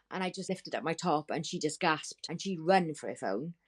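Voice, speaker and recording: A woman's voice: low voice, lively intonation, normal speed, hardly any pauses, breathy edge. A woman, a podcast guest telling her story candidly, emotional and rambling, swearing freely.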